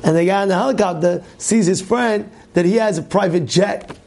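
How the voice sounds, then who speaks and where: A man, a rabbi, giving an animated sermon on the weekly portion, asking rhetorical questions and acting out voices of complaining people. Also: normal speed. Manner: animated storytelling, acts out complaining voices in loud high shouts; repetitive, rhetorical questions to the listeners.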